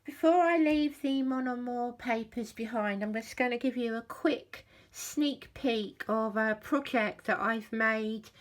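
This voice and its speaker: Lady craft host walking thru her cards, slow and friendly. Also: a little high. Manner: friendly, unhurried show-and-tell. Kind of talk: papercraft walkthrough narration.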